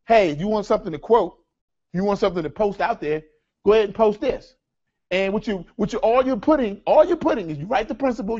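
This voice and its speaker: A man teaching a live workshop, energetic, calling the audience folks and asking them rhetorical questions. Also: high-pitched, lo-fi sound. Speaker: seminar speaker.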